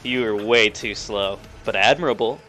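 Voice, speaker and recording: Guy doing a cold brutal villain hero, calm n condescending, bright-edged voice, faint music behind. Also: lowish voice, normal speed, pitched below the performer's own voice.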